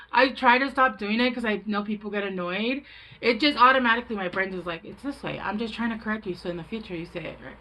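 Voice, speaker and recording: Bright and forceful, a woman with a medium-pitched voice gives a loose, rambling tarot reading on a low-quality recording. She's frank and talkative, often breaking off her sentences and restarting them.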